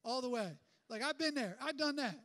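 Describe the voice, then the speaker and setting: A man with a very high voice preaches to his church. He talks in a conversational, energetic way, firing off rhetorical questions and often restarting his sentences. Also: moderate pace. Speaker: pastor. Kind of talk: sermon.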